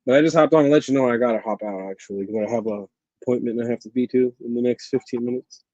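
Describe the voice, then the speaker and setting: Guy on a video call, rattling off fast, muffled lo-fi sound, dry. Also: medium pitch, dark tone, no room sound. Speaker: guest caller. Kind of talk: casual chat.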